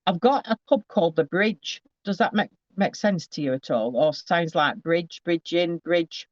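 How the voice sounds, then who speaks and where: A man gives a psychic reading in a fairly high, chatty voice. He often trips and restarts mid-phrase as he relays messages. The recording is dry and slightly muffled. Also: normal speed, no room sound. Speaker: psychic medium. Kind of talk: live spirit reading to a sitter.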